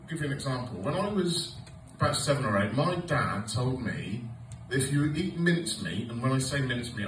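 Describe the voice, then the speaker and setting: A man in his forties tells sweary, sarcastic stories at a club. His pitch jumps all over the place while he talks. He sounds distant, caught in a roomy space with noise underneath. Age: 40s. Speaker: stand-up comedian. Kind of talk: stand-up comedy set. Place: comedy club stage with audience laughter. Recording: roomy live club recording from afar.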